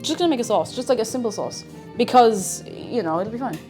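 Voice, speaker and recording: Her voice is on the high side, mellow and animated, and she talks briskly with faint music behind her. She's live-streaming her cooking from a home kitchen, chatting loosely with viewers, muttering to herself, and mocking herself as she goes.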